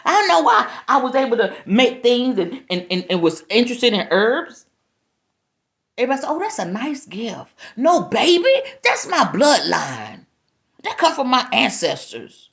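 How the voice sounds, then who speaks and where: A woman's voice: on the high side, very animated, moderate pace, gravelly, a bit bright. A woman, speaking with emphatic, preacherly passion to viewers on a live stream. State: near tears at times. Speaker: spiritual teacher hosting a live stream. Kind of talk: impassioned live-stream monologue. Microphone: phone or webcam.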